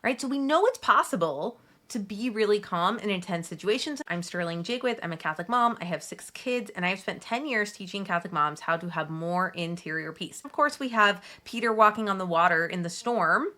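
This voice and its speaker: Bright-voiced chatty mom giving advice. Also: female voice, medium pitch, expressive, fairly quick. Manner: warm, chatty, gently soothing self-talk asides. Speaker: Catholic mom coach. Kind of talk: direct-to-camera advice talk.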